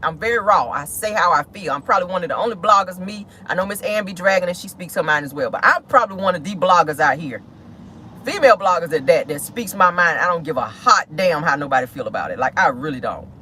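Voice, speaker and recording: A woman gossip vlogger ranting bluntly and profanely in a car, outspoken and animated, breaking into mocking squeals when she mimics people. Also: on the low side, quick pace, a little hiss or hum. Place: inside a car.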